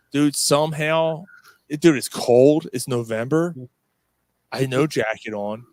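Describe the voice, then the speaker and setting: A man's voice: fairly high pitch, measured pace, a little mellow, no echo. A man hosting a podcast, telling a rowdy story in casual chat, swearing constantly and laughing as he goes. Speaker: podcast host.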